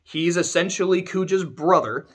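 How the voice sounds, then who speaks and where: A man's voice: sits high, moderate pace, slightly rough. A man giving a casual, sarcastic and profane rant as a video game reviewer.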